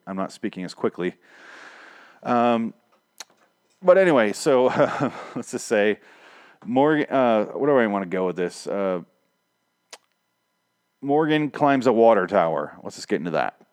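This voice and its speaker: A man's voice: lowish voice, normal speed, pauses often, clear, resonant tone, no echo, clean studio sound. A man casually recapping and reviewing a TV episode, rambling and sarcastic, swearing often and acting out the characters' lines.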